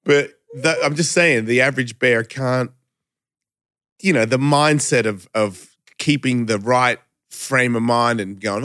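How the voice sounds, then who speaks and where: A male host in a loose podcast chat, rambling and foul-mouthed, constantly cutting in. His voice sits at an ordinary middle pitch. The sound is dry, with no room echo. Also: fairly bright tone. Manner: rambling and profane, quick interjections. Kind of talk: casual podcast conversation.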